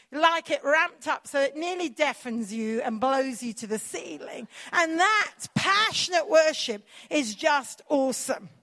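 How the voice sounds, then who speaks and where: A woman preaches with fervent, insistent emphasis. Her voice sits high, and she drives her points home by repeating them. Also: bright, forceful tone. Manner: passionate, emphatic preaching with repetition. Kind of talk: sermon.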